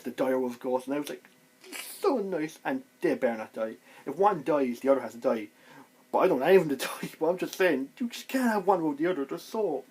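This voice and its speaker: Excitable husky man reviewing a show. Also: mid-range voice. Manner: excitable, animated retelling with exclamations. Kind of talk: casual video review.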